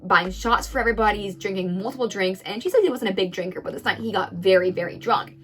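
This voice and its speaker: A woman retells someone else's story at a brisk, rapid clip. She is chatty and casual, dropping into quoted lines. Faint background music sits under her voice. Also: medium pitch, lively intonation. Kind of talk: story recap commentary.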